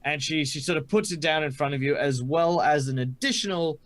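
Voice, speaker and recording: A man narrating a tabletop game as game master, with many pauses and fillers. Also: on the high side, a bit bright.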